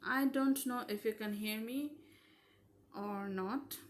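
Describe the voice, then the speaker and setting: A young woman from Southeast Asia talks through her live painting session in a loose, wandering way. She is frank and speaks her mind between thoughts. Her voice sits a little on the high side. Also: slow pace. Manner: rambling and frank. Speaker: digital artist streaming live. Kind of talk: casual chat while painting.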